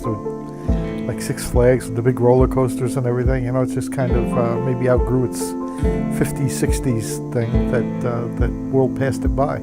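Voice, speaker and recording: A man recalling a bygone place in a reflective documentary interview, rambling with many hesitations. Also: medium pitch. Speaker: interviewee recalling a former zoo. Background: loud music.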